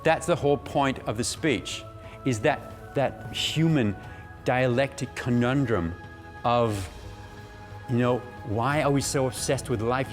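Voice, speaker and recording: A man teaching a public speaking workshop, animated and laughing often. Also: medium pitch, slow, soft background music. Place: workshop room.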